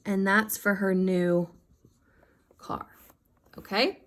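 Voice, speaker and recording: A woman teacher speaks to her fifth graders in a recorded lesson, open and affectionate. Her voice sits at an ordinary middle pitch, and she keeps an upbeat, encouraging tone as she walks them through the math. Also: fairly even intonation, slow, a bit bright. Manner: heartfelt and affectionate with her students. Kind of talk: recorded remote class lesson.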